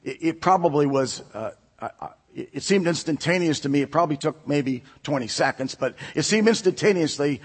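Male preacher, high husky voice, storytelling sermon, church hall reverb. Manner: storytelling, animated, laughs often.

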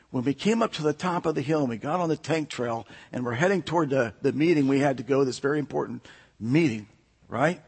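Male preacher, high husky voice, storytelling sermon, church hall reverb. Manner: storytelling, animated, laughs often.

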